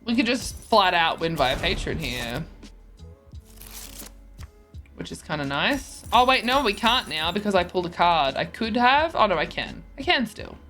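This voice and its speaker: A woman's voice: on the low side, very animated, normal speed, few pauses, fairly bright tone, faint music behind. A tired woman streaming a card game, chatting casually with her viewers, yawning and joking as she stumbles over her words. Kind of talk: casual live-stream chat while gaming.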